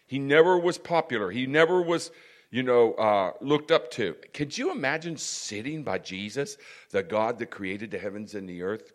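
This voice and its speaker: A man preaching a sermon, dropping "praise God" and "amen" between points and rising to loud, emphatic stretches. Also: on the low side.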